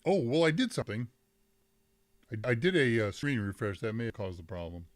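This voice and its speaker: A man's voice: mid-range voice, very animated, brisk. Rambling, self-interrupting male tech streamer. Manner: rambling, self-interrupting, reads chat aloud, laughs often. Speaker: host of a live tech Q&A stream. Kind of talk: casual live-stream chat.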